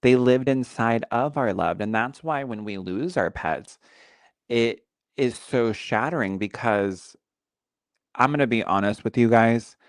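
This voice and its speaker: A man co-hosting a podcast as a psychic medium, telling stories in an animated, chatty way and reading viewer comments aloud. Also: mid-range voice, a little slow, smooth, no echo. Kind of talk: casual podcast chat.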